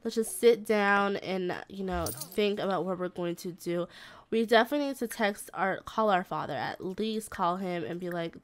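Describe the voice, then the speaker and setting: Woman, mid-pitched, casual gaming commentary, mothering her characters. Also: moderate pace, clean tone. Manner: chatty, slangy, scolds and coos at her game characters like a mom. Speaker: gaming video creator.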